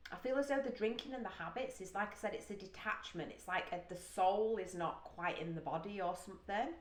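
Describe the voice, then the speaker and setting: A woman's voice: on the low side, a bit bright. A British woman from the UK hosting a music reaction, talking casually and emotionally, thinking aloud with gasps and sighs. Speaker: music reaction video host. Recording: roomy echo.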